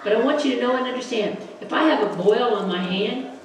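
Woman, somewhat high voice, informal impassioned Sunday school preaching, roomy distant church sound. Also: a little fast. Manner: emphatic, repetitive, impassioned. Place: church sanctuary. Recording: echoey church recording from far off, congregation audible.

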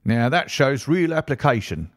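A man reading a brisk, smooth-talking agent. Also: medium pitch, big pitch swings, no echo, clean studio sound, lightly acted. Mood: eager. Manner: brisk, clipped, persuasive. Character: brisk, flattering middle-aged male financial agent. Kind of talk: audiobook character reading.

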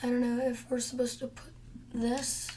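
A young woman with a somewhat high voice talks her way through a cooking game, muttering each step under her breath. She breaks off now and then for chatty asides to her viewers. A faint hiss sits under the recording. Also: completely flat delivery, moderate pace, dark tone. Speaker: gamer. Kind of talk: gameplay commentary.

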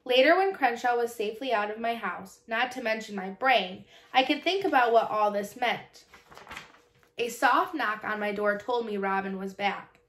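A woman reading a children's novel aloud in calm, even first-person storybook narration. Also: fairly high pitch, moderate pace. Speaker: audiobook narrator. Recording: roomy echo.

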